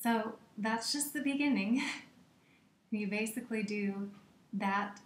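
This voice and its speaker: Slow soft-spoken woman leading a meditation, slips into whispers, roomy echo. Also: mid-range voice. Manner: slow, gentle, drops often into a soft breathy whisper. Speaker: meditation teacher. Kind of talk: guided meditation instruction.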